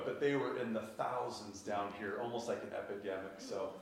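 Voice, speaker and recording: A man's voice: lowish voice, a little fast, vocal fry. Man telling a story in a roomy space. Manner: animated, laughing at his own story. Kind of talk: personal storytelling. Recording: echoey room from far off.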